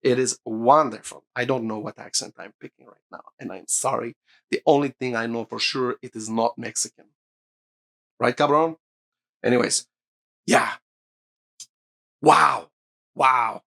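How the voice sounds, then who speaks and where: A creaky, mid-range male voice, a little slow and pausing often, drives this clip. It's an excited gear review from the host of a hi-fi channel, who talks to camera about a speaker with emphasis and occasional swearing when thrilled.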